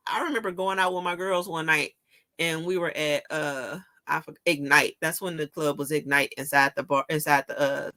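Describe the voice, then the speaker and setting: Bright-voiced, animated woman storyteller. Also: lowish voice. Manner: animated storyteller, laughs often, swears casually. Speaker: show host. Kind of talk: casual chat.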